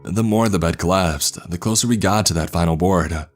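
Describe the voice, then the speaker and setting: A man narrating a horror story in a measured, dramatic storytelling manner. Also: low voice, faint music behind.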